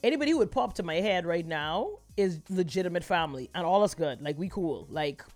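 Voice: medium pitch, lively intonation, a little fast, no room sound, soft background music. Laid-back speaker with dry humor. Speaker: podcast co-host. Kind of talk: casual chat.

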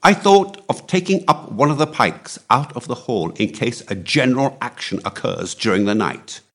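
A man reading aloud and voicing a jaunty upper-class gentleman with breezy, joking banter. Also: mid-range voice, animated, moderate pace, pitched above the performer's own voice.

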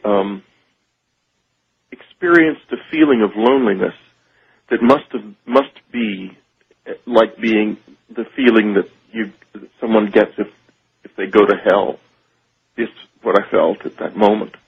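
A man telling a radio host about a personal experience, halting and searching for words. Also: lowish voice, gravelly, breathy edge. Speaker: radio show guest. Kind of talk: phone-in interview, personal account. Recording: tinny phone line on radio.

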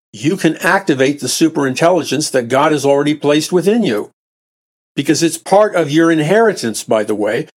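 Man, preacher, sermon delivery, emphatic, repeats himself, surges in intensity. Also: on the high side. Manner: emphatic, repeats and restarts phrases, rising to bursts of intensity.

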